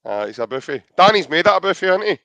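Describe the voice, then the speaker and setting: Scottish male co-host, jokey and casual, slightly high and smooth, dry close sound. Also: sing-song, racing, pushed and bright, muffled recording. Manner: jokey, chatty, reads out viewer comments. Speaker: podcast co-host. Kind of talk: casual live podcast chat.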